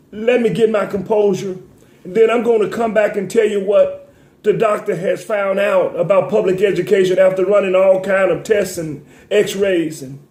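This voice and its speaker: A man's voice: high voice, darkish tone, echoey room. A man hosting a talk show, speaking in an emotional, tearful commentary with a preacher-like cadence, stammering and repeating words as he sniffles.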